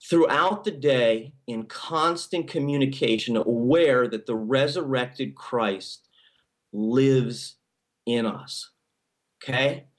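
A man delivering a sermon in a relaxed, conversational voice at a middle pitch. He stumbles and restarts often and checks in with the listeners, but his voice climbs sharply whenever he stresses a point. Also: takes it slowly. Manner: conversational preaching with frequent restarts and "okay?" check-ins. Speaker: pastor.

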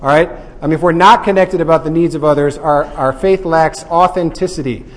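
A man teaching a Bible study group in a lively, joking way, often checking in with "right?". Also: on the high side, a little fast, big-room sound.

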